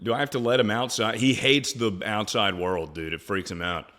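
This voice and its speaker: A man's voice: lowish voice, steady tone, normal speed, sharp tone. A young man streaming live, chatting casually in a rambling, crude way and laughing often.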